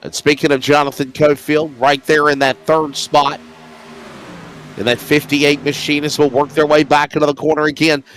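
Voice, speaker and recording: A man's voice: fairly high pitch, moderate pace, slight background noise. Stuffy-voiced male racing commentator. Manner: energetic, builds to loud race-start calls. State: stuffy, recovering from illness. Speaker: play-by-play commentator.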